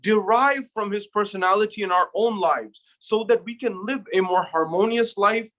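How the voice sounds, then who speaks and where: A man giving a measured sermon, opening with Arabic recitation and posing rhetorical questions to the audience. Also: high voice, fairly bright tone. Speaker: speaker at an Islamic center.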